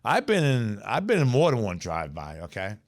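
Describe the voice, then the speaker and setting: Streetwise New York man, lowish voice. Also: wildly swooping pitch, fairly quick. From South Bronx, New York. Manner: streetwise, profane, repeats "you know what I'm saying". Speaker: podcast guest storyteller. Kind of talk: casual storytelling chat.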